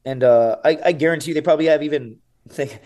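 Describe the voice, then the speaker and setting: A man in his thirties, a survival show contestant appearing as a podcast guest, tells a story casually and with animation. His voice is fairly high, quick, and mellow, and he swears freely, often tossing in "dude" and "right?".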